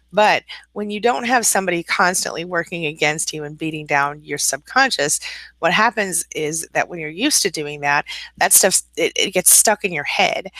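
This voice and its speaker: A woman's voice: fairly low pitch, sharp tone, no echo. A woman hosting a casual live-stream coaching chat, laughing often, greeting viewers by name and giving encouraging advice. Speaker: life coach and channel host.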